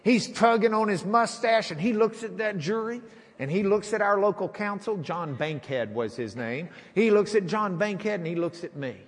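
Animated preaching man, high voice. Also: normal speed. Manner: animated storyteller, acts out voices. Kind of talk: sermon with storytelling. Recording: hall reverb.

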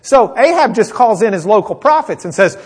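A man's voice: high-pitched, a little fast, breathy edge. A man preaching a conversational sermon, retelling a Bible story and acting out its characters. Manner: animated storyteller, acts out characters; conversational with fillers.

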